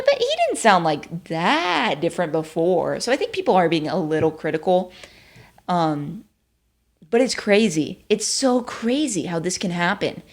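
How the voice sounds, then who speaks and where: Chatty woman host, slightly low voice. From Texas. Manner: chatty, filler-heavy, self-deprecating. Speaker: show host. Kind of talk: casual commentary.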